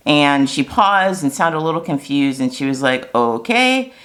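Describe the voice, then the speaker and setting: An American woman talking casually to her viewers in a chatty, animated way, with fillers and asides. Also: low voice, normal speed. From United States. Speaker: vlogger. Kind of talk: casual chat to camera.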